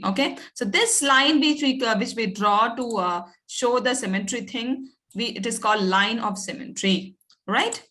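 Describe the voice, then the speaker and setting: A woman's voice: mid-range voice, pushed and bright. A woman teacher, patiently coaxing pupils in an online class, with many fillers and "okay"s.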